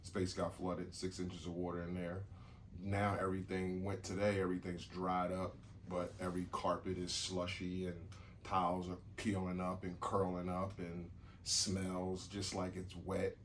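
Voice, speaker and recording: A man's voice: sits low, completely flat delivery, measured pace, slight background noise. A man co-hosting a podcast, talking casually in a rambling way, repeating himself and swearing now and then. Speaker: podcast co-host. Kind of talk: casual chat.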